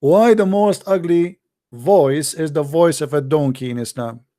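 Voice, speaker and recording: Call-in debate host, male, mocking and taunting, mellow voice pitched a bit high. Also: measured pace. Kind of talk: live call-in religious debate.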